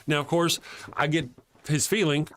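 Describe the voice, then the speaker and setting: Relaxed man co-hosting a live stream. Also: fairly high pitch, moderate pace. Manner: relaxed, reacts often, reads super chats. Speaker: co-host reading viewer chat. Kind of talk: casual live-stream chat.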